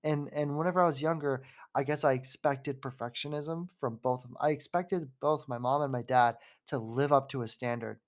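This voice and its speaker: A man in his twenties, hosting a casual podcast conversation. He rambles openly and warmly through a personal story, circling back and restarting his sentences as he goes. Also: medium pitch, steady tone, normal speed. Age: 20s. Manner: rambling and heartfelt, with frequent fillers and restarts. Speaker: podcast host.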